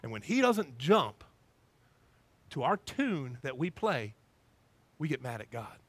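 A male pastor preaching a sermon in a church, animated and acting out little scenes in different voices. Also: medium pitch, slow, no echo.

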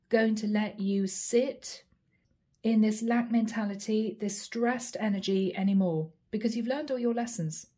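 A woman giving a channeled tarot reading, earnest and emotional, with frequent soft exclamations. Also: medium pitch. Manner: earnest, repetitive spiritual phrasing. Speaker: tarot reader.

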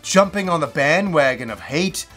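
A middle-aged man hosting a show, chatting casually in a rambling, animated way. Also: faint music behind. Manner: animated, rambling storyteller with quick pitch jumps. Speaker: host. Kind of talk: casual solo chat.

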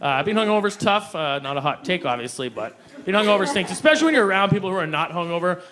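High-voiced young male stand-up comic. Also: quick pace. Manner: animated, jumps into high-pitched acted voices for quoted people. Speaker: stand-up comedian. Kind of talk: stand-up comedy set. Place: comedy club stage before a live audience. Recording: live club recording with loud crowd and noise. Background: audience laughter.

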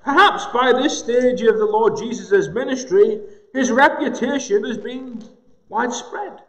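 A man preaching a sermon in a gospel hall, slow and emphatic with dramatic pauses. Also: extremely high pitch, dull audio. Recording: echoey hall with long reverb.

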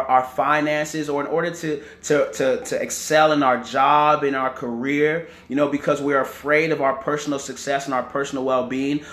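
A man's voice: mid-range voice, fairly bright tone. Man preaching in an echoey room. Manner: repeats words, asks "right?" and "amen". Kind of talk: sermon teaching.

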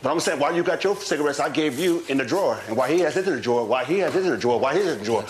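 A man's voice: a little high, expressive, racing, a little hiss or hum. Taunting profane man in an echoey room. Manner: taunting, profane, repeats himself. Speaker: reality show housemate. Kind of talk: heated argument. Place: large room in a house.

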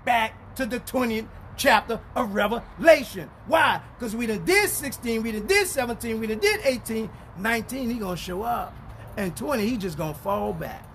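A male pastor with a strikingly high voice teaches the Bible in an animated, preachy way. He drops to quiet asides, then rises to shouts when reading scripture slowly and emphatically. A faint hum of noise sits under the recording. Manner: animated, preachy, swings between mutters and shouts; reads scripture in slow, emphatic bursts. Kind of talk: street-style Bible teaching.

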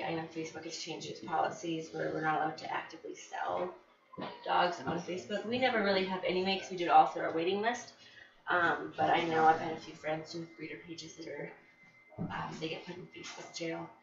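A woman's voice: lowish voice, gravelly. Casual woman breeder vlogging at home, rambling with fillers; noisy, muffled home recording. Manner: chatty, many fillers and restarts. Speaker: dog breeder. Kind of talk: casual vlog talk to viewers. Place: home with puppies and dogs. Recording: roomy, distant, dull, noisy home recording. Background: dogs heard in background.

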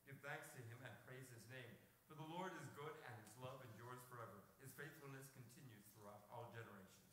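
A man with a mid-pitched voice reads a psalm aloud at a measured pace. The room is strongly echoey, with a faint hiss behind him. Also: a bit bright. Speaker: congregation member reading scripture. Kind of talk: reading scripture aloud.

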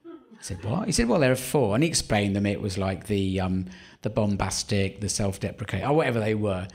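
Man, 50s, English home counties accent, comedian, fairly low voice, wry, rambling, self-interrupting, live interview. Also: big pitch swings, fairly quick, a little mellow, slightly rough. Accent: English, Surrey home counties. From England. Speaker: stand-up comedian, guest. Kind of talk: live podcast interview, anecdotal storytelling. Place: theatre stage before a live audience.

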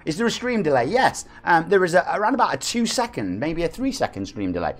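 Brief: forties streamer from the East Midlands, pitched a bit high, animated and chatty, gushing thanks to viewers. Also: male voice, normal speed, creaky, few pauses, soft background music. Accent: East Midlands English. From England. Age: 40s. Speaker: game streamer host. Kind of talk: live stream chat reading donations. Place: home room.

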